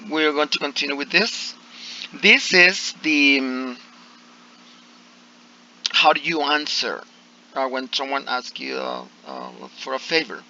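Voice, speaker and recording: A man teaching an English class talks slowly and haltingly, pausing on fillers as he explains. His voice is bright and edged with gravel. The audio is slightly dull and lo-fi. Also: mid-range voice, a little hiss or hum. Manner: hesitant, many fillers and restarts.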